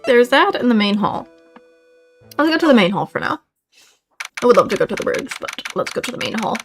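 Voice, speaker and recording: A woman's voice: a little high, sing-song, a little fast, soft background music. A woman streamer chatting casually while playing a game and reading its lines, laughing at her own slips. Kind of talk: game stream commentary and read-aloud.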